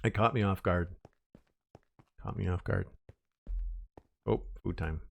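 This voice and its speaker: A man's voice: deep voice, slow, gravelly, muffled recording, slight background noise. A man streaming a building game and chatting casually with viewers, rambling, with many fillers and restarts. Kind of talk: casual live-stream chat while playing.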